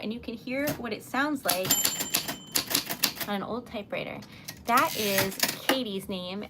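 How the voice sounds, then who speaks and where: A woman's voice: fairly high pitch, background noise. A woman hosting a live stream, chatting casually and giggling as she talks to her viewers while typing. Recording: loud typewriter clacking behind voice. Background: typewriter keys and bell.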